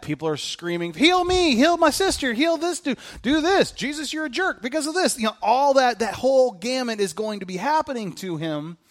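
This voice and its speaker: Male preacher, casual sermon; animated, bouncy, high voice. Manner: animated, conversational, joking.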